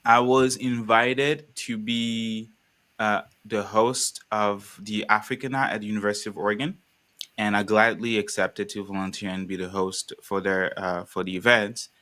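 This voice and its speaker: A young man from the Congo, speaking as a panelist in a live conversation, talking in an animated, rambling way with many restarts. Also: on the low side, moderate pace.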